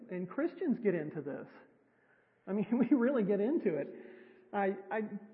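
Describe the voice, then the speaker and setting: A woman preaching a sermon in a church sanctuary, chatty and wryly self-deprecating. Her voice sits at an ordinary middle pitch. The sound is thin and phone-like, with a long reverb trailing behind her. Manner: conversational and self-deprecating, with wry humor. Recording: tinny, echoey hall sound.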